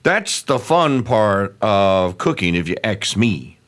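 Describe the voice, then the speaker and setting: A man co-hosting a casual radio chat, rambling and halting with many fillers. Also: lowish voice, big pitch swings, fairly bright tone. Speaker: radio show co-host. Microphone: earbud headset.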